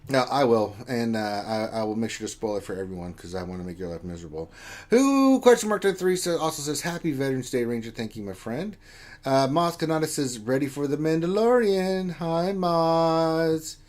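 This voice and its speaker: A man's voice: mid-range voice, expressive, a little fast, a little mellow. A man co-hosting a casual live stream, reading viewer chat aloud with joking, playful teasing.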